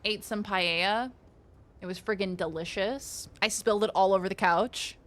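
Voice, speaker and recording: A woman's voice: medium pitch, steady tone, moderate pace, fairly bright tone. A woman streaming a card game, chatting playfully with her viewers, swearing and reading card text aloud as she plays. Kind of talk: casual live-stream chatter while playing.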